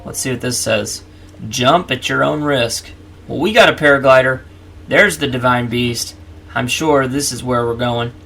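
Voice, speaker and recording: A man's voice: medium pitch, moderate pace, vocal fry, fairly bright tone, soft background music. A man hosting a let's play, chatting casually and narrating each move to the viewer. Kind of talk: casual gameplay commentary.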